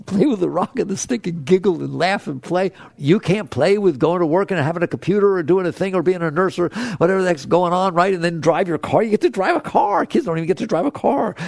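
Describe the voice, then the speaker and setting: A man giving a spiritual talk to an audience, playful and animated, acting out inner thoughts and voices. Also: gravelly, dry recording. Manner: animated and playful, swinging from low hushed tones to high excited exclamations. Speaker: spiritual teacher.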